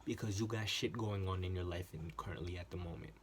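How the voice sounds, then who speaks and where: A man telling a workplace story in a casual, animated monologue, often repeating himself for emphasis and swearing. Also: low-pitched, fast, background noise. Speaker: channel host.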